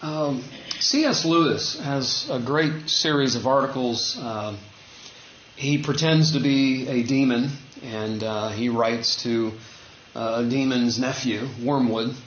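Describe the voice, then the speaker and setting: Preacher in an echoey, dull-sounding room. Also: male voice, slow, a bit bright, a little hiss or hum. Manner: conversational, acts out quoted dialogue with rising pitch. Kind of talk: sermon.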